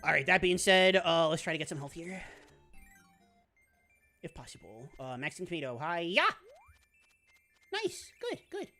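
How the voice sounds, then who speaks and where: A woman streaming a video game, chatting casually with her viewers, laughing often and squealing when things get exciting. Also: on the low side, moderate pace, pauses often, faint music behind. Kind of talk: casual live-stream commentary.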